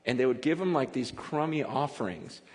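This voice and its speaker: Animated preacher in an echoing hall. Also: male voice, medium pitch. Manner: animated, conversational preaching with quick laughs. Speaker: pastor. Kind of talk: sermon.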